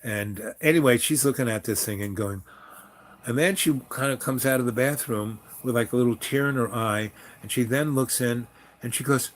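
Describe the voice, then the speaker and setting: A man's voice: medium pitch, moderate pace. A man spinning a personal story in a casual, meandering way. His voice sits in an ordinary middle range, and he talks frankly, drifting into asides and restarts as he goes. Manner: rambling and frank, many fillers and restarts.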